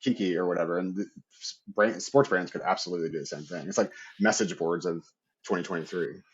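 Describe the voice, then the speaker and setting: A man's voice: sits low, steady tone, fast talker, lo-fi sound, a little hiss or hum. A man speaking as a podcast guest in a loose, chatty way, leaning on "like" and tagging "right?" onto his points. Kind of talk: casual interview talk.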